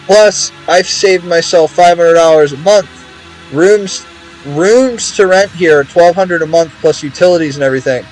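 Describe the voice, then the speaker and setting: A man's voice: a little high, normal speed, soft background music, poor audio. Rambling, swearing young man. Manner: rambling, profane, repeats words. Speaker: game streamer. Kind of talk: casual stream chat.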